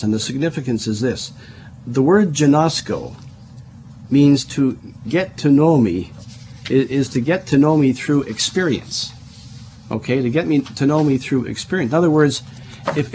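A man's voice: mid-range voice, darkish tone, a little hiss or hum. A middle-aged man preaching a Bible study sermon, explaining verse by verse, spelling out words and often repeating himself as he restarts.

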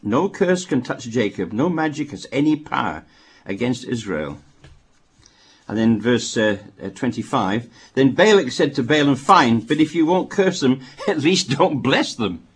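A man's voice: medium pitch, animated, measured pace, husky. A man reading scripture aloud and breaking off for wry asides as he teaches. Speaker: Bible teacher. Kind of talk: Bible reading with commentary.

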